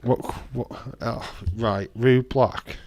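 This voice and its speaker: A man's voice: medium pitch, fairly even intonation, takes it slowly, darkish tone, no echo. A man hosts a live watch-along stream, commenting casually and bantering with viewers as he reads the chat aloud. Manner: bantering and teasing with viewers, frequent restarts.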